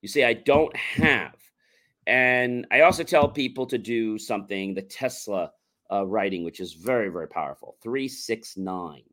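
A man's voice: fairly low pitch, expressive, moderate pace, a bit bright. A man on a talk show explaining a mindset technique, coaching listeners and acting out repetitive self-talk.

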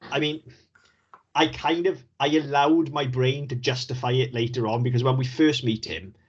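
A man's voice: medium pitch, normal speed, slight background noise. A man co-hosting a podcast, chatting casually and swearing as he mocks a film. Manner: sweary, laughing, animated storytelling. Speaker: podcast co-host. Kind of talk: casual film review chat. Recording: dull lo-fi audio.

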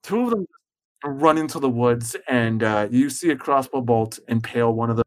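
Game master, tabletop narration, relaxed, hesitant, mid-range voice. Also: medium pitch, normal speed. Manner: casual, hesitant, with fillers and giggles.

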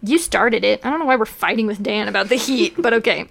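A woman's voice: medium pitch, fast, creaky, fairly bright tone. A young woman co-hosting a casual podcast, reading fanfiction aloud and breaking off with mocking, laughing asides. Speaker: podcast co-host.

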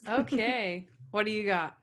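A woman hosts a casual podcast. Her voice sits at a middle pitch. She is friendly and chatty and teases her guests. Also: measured pace, background noise. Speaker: podcast host.

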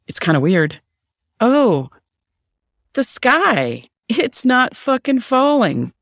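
Profane ranting man, gravelly voice. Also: high-pitched, no room sound, clean studio sound. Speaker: podcast host. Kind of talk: solo opinion rant.

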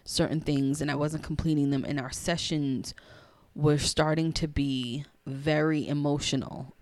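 A woman hosting a podcast, telling a personal story in a candid, chatty way and acting out the dialogue, sometimes in a hushed voice. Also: sits low, no room sound. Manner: expressive, acts out dialogue in a hushed voice. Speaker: podcast host.

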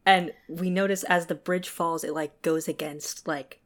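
Low, laid-back woman co-host, casual book talk, swears freely, lots of fillers. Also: fairly even intonation, measured pace. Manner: casual, swears, laughs often, heavy "like" fillers. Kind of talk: casual chat recapping a novel.

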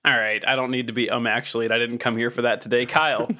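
Podcast dude, laughy questions, self-deprecating, regular middle voice. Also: male voice, mid-range voice, level tone, quick pace, pushed and bright. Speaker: podcast co-host. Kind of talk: casual comedic chat.

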